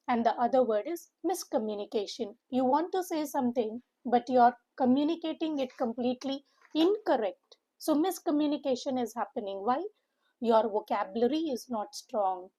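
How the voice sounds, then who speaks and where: A woman teaching vocabulary, spelling out sounds slowly and repeating words for emphasis. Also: on the high side, dark tone, rough recording. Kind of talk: online vocabulary lesson.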